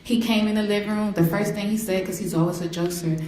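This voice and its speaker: A woman's voice: mid-range voice, steady tone, fast talker, a little mellow. Grieving middle-aged mother in an echoey courtroom. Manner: emotional, vivid storytelling that slips into acted quotes. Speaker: victim's mother giving an impact statement. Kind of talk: courtroom victim impact statement. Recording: echoey courtroom, faint noise.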